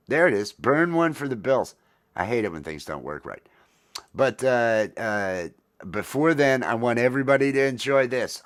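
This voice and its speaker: A man's voice: mid-range voice, fairly bright tone. A middle-aged man hosting a casual morning coffee livestream, rambling and self-deprecating with lots of fillers. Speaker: livestream host.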